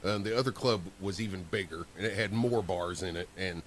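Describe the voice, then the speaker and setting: A man's voice: sits low, fairly quick, slight background noise. A man co-hosting a podcast, telling stories in loose, profane casual chat. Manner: animated, acts out voices in his stories. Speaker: podcast co-host.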